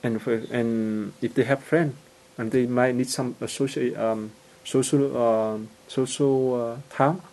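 A man gives an informal teaching talk at a mid pitch. His English halts and restarts, padded with fillers, and he warms up and turns lively when acting out everyday scenes. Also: rough recording. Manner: halting non-native English, many fillers and restarts; gets animated and laughs when acting out scenes.

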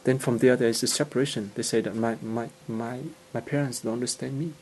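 A man gives an informal teaching talk at a mid pitch. His English halts and restarts, padded with fillers, and he warms up and turns lively when acting out everyday scenes. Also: slight background noise, poor audio. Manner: halting non-native English, many fillers and restarts; gets animated and laughs when acting out scenes.

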